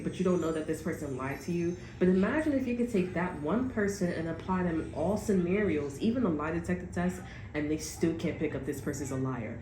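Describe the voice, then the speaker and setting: A woman's voice: fairly low pitch, darkish tone. Giggly rambling woman tarot reader. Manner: rambling, giggly, swears freely, many "okay?" asides. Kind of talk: casual tarot reading monologue. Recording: echoey room with faint ambient noise.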